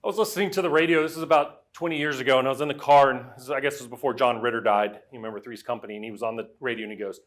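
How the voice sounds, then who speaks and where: A middle-aged man giving a lively storytelling talk, swinging from loud to quiet as he acts out the voices he quotes. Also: mid-range voice, racing, few pauses. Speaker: speaker.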